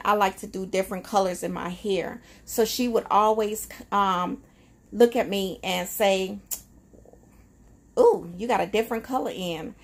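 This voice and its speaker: Emotional woman with a gravelly voice. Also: medium pitch. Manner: emotional, reflective, conversational with frequent fillers. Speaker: vlogger. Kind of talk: casual personal vlog.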